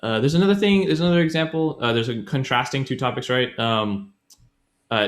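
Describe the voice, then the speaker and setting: A man's voice: mid-range voice, a little fast. A man co-hosting a casual podcast, chatting his way through a language grammar lesson and often correcting himself mid-sentence. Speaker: podcast co-host.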